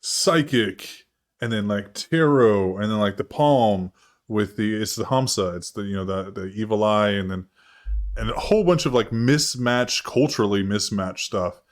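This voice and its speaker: A man's voice: on the low side, normal speed. A man running a tabletop role-playing game as game master, narrating in a loose, rambling way full of fillers and casual swearing.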